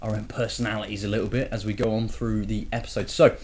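Low-voiced man hosting a casual podcast. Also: level tone, quick pace, a little mellow, a little hiss or hum. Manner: chatty, teasing, leans on tag questions. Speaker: podcast host. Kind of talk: casual gaming podcast chat.

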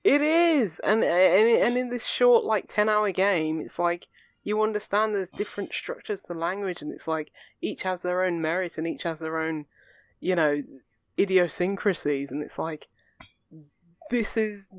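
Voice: medium pitch, unhurried, no room sound. A young adult, a podcast co-host in casual chat who rambles earnestly through fillers and restarts. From England.

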